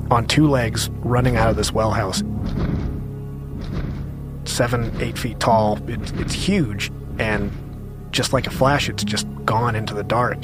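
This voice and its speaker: Male storyteller, mid-pitched voice, earnest and halting, recounting a first-person account over clear music underneath. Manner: earnest, halting, with small restarts. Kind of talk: first-person true-story telling for a podcast.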